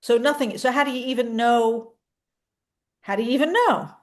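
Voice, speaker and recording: Woman, student, high pitch, curious, asking questions. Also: moderate pace.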